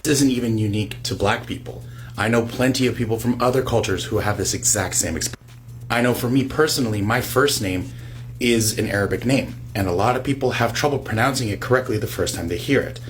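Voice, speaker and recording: Calm man explaining in a reaction video. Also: fairly low pitch.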